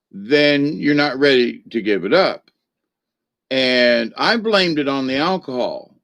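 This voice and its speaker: Slow, rambling, jokey man. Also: mid-range voice, fairly bright tone, no room sound. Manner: rambling and jokey, cackles often. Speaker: host of a Catholic channel. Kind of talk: casual livestream chat.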